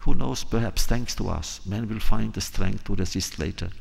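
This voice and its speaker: A man's voice: lowish voice, gravelly. A man voicing a cautious royal counselor. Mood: reasoning. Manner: measured, reasoning.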